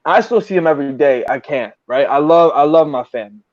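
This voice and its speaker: A man chatting casually as a podcast host, telling animated stories full of swearing. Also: fairly high pitch, fast, dry recording, dull audio. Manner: profane, animated storyteller. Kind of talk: casual storytelling chat.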